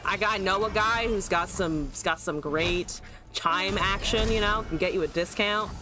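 A woman's voice: mid-range voice, normal speed, lightly acted. A woman voicing a laid-back stoner guy hustling goods, slangy and conspiratorial, over faint music. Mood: hushed hustling. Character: laid-back stoner dude pushing chimes.

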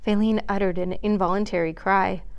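Expressive woman reading a children's book. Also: medium pitch, moderate pace, clean tone, muffled recording. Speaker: children's librarian. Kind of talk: reading a chapter book aloud. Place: public library.

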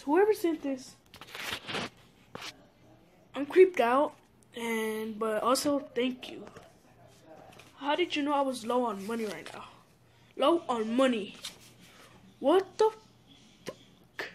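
High-voiced, unhurried, excitable vlogger woman. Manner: excitable, swears often, talks straight to viewers. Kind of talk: casual mail-opening vlog.

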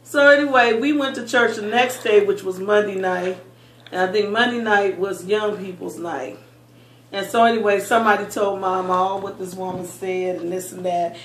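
A woman recounting childhood memories in a lively storytelling manner, often laughing as she remembers. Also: medium pitch, moderate pace, echoey room, slight background noise. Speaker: interviewee recalling childhood. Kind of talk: oral history storytelling.

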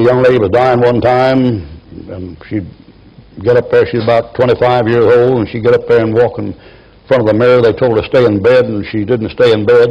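A man's voice: mid-range voice, muffled recording. A man in his seventies preaching a folksy sermon, telling rambling stories from his life. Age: 70s. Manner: rambling anecdotal storytelling.

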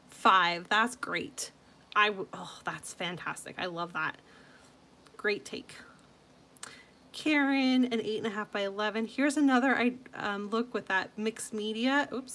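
A woman hosting a scrapbooking channel, chatting casually and gushing over viewers' layouts, with frequent soft asides. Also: a little high.

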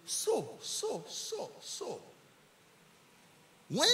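A man with a Nigerian accent, a pastor preaching a sermon in church, building up to shouted emphasis and repeating his lines. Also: on the high side, lively intonation, moderate pace, long reverb tail, slight background noise.

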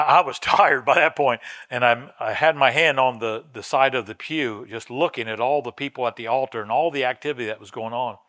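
A man preaching in a casual, storytelling voice at a middle pitch. His delivery is animated, and he climbs high and loud at emotional moments. The sound is close and dry, with little room echo. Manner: animated, rises high and loud when voicing an old woman's quoted words; casual, conversational delivery with frequent restarts. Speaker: pastor. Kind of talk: sermon storytelling.

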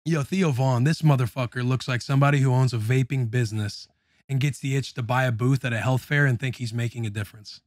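A man's voice: medium pitch, steady tone, fast, a little mellow, no room sound, clean studio sound. A young man hosting a podcast, ranting in casual, profane chat. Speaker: podcast host.

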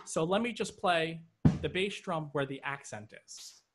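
A man's voice: on the high side, unhurried, heavy background noise. A man teaching an online drum lesson, explaining patterns step by step and checking in with "okay" as he goes. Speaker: drum instructor. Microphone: video call. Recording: drums loud behind voice. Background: drum kit playing.

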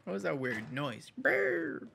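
A man's voice: fairly high pitch, expressive, slow pace, gravelly, pushed and bright, slight background noise. A man giving casual, jokey commentary while playing a game, rambling, swearing and muttering to himself. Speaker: gaming channel host.

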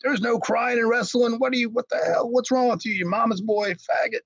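Guy imitating mocking old-school wrestlers, high and taunting, dull dry audio. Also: unhurried, no echo. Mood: jeering. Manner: jeering, taunting. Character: mocking, bullying veteran male wrestlers.

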